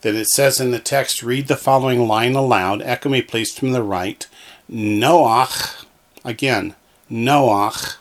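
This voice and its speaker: A man's voice: mid-range voice, fairly even intonation, moderate pace, hardly any pauses. A man teaching a recorded Hebrew lesson from a textbook, patiently repeating each word so learners can echo it. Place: alone in a room, talking to the wall.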